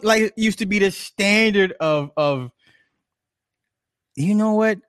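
A man's voice: high-pitched, lively intonation, unhurried, pauses often, a bit bright, dry recording, studio quality. A man giving profane, mocking reaction commentary, stretching words out for emphasis.

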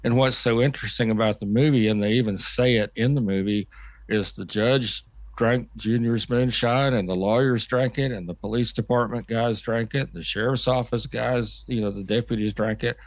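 An older man, a veteran motorsport journalist, telling stories in a casual podcast chat at an unhurried pace with many fillers. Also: mid-range voice, steady tone, no echo.

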